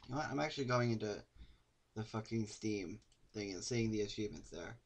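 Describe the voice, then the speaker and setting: A young man streaming a game, joking and swearing, with sudden loud outbursts. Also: lowish voice, expressive, fairly quick, vocal fry. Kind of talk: casual gameplay commentary.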